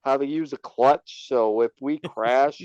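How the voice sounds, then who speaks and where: Smooth-voiced stammering podcast co-host. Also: male voice, medium pitch, measured pace, darkish tone, no room sound, lo-fi sound. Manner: stammers and repeats words, dry teasing. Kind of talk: casual podcast chat.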